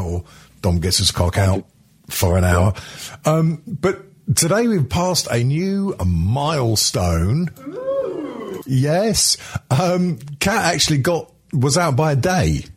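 Rambling sweary husky-voiced man. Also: on the low side. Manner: rambling, sweary, lots of filler sounds. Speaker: podcast host. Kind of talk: casual chat.

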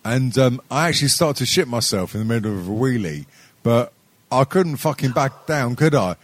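A man's voice: mid-range voice, expressive, normal speed, no echo. A young man co-hosting a podcast, telling stories in a rambling, sweary way, full of stammered restarts and laughing at his own jokes. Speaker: podcast co-host. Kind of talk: casual sweary chat.

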